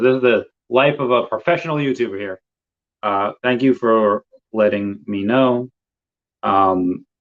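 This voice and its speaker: Laid-back rambling man, lo-fi stream. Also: lowish voice. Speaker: podcast host. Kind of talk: casual live-stream chat. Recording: dull lo-fi stream audio.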